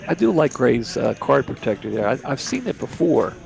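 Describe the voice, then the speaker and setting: Gravelly-voiced man calling poker. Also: medium pitch, sing-song, normal speed, darkish tone. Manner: chatty, easygoing, repeats words. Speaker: poker commentator. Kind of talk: live poker commentary. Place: commentary booth at a card room.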